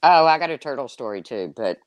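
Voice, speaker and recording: Woman, casual storyteller, salty and animated, dry close sound. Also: fairly quick, no echo, lo-fi sound. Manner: lively, swearing, jumps between high exclaims and low asides. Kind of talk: casual chat.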